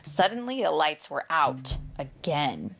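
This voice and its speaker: A woman reading a children's storybook aloud in an expressive way, with dramatic pauses and the odd question to young listeners. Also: low-pitched, gravelly.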